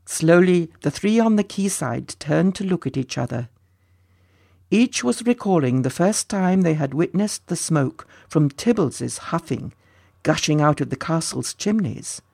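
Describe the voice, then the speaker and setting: A narrator reading a children's storybook aloud in a gently expressive way. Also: mid-range voice, creaky, husky, dry recording, studio quality.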